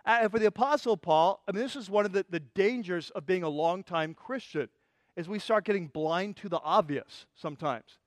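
A man pastor preaching a sermon, retelling scripture as a vivid, passionate story with quick restarts. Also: high voice, no room sound.

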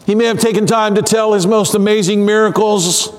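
A man preaching a sermon in an earnest, conversational way, pausing and sighing as he talks. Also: sits high, steady tone, big-room sound, slight background noise. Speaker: pastor.

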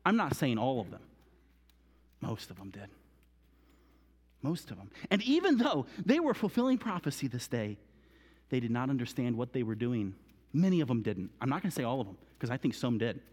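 A man giving a children's sermon in a church, swinging between hushed whispers and excited exclamations, with a reverberant hall sound. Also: medium pitch, normal speed, pauses often. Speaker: children's minister.

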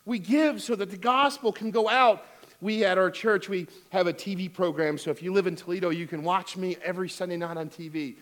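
A man's voice: sits high, fairly even intonation, brisk, a bit bright. Preaching man, storytelling pastor. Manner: storytelling with humor, rising to emphatic exhortation. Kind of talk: sermon.

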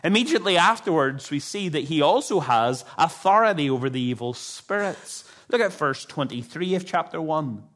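A man's voice: a little high, expressive, normal speed, hardly any pauses, a bit bright. A man pastor preaching a sermon in an earnest, emphatic way, with frequent restarts.

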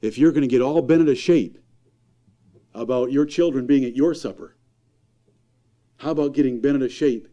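A man preaching a sermon in a church, emphatic, firing rhetorical questions and swinging from loud to hushed. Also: mid-range voice, moderate pace, long pauses, dull audio.

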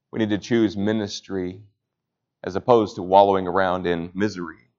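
A man preaching a sermon, rising to loud emphatic peaks and then dropping low. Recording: slightly dull lo-fi sound.

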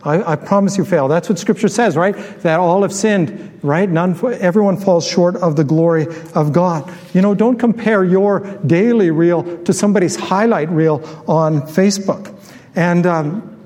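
A man's voice: sits high, normal speed, a little mellow. Middle-aged guy preaching in church, lots of ums and restarts, asks the crowd stuff, big echoey room. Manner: conversational, many fillers and restarts, asks the crowd questions. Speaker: pastor. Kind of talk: sermon. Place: church hall. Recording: live church hall with long reverb.

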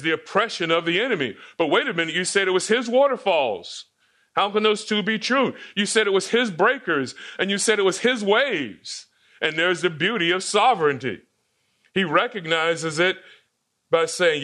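A man's voice: fairly high pitch, a bit bright. A male pastor preaching an expository sermon, asking his congregation rhetorical questions.

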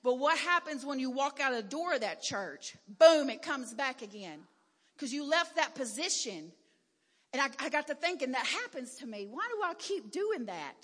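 A woman giving a candid sermon testimony in a church, talking plainly and rising to loud, emphatic declarations. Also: sits high, big pitch swings, moderate pace. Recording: long hall reverb.

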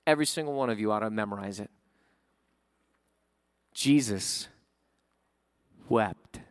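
A man's voice: lowish voice, rapid-fire, clear, resonant tone, no echo. Conversational male preacher, dry sound. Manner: conversational preaching with frequent "right?" asides. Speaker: pastor. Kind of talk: sermon.

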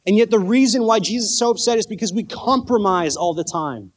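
A youth pastor with a high-pitched voice preaches a casual sermon a little fast. His conversational style mixes jokes with questions to the audience.

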